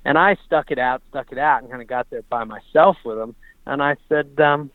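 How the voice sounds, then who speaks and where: A man telling racing stories in a casual interview, animated and halting, often restarting his sentences. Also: medium pitch, dry recording. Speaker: racing writer and guest. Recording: dull lo-fi dry recording.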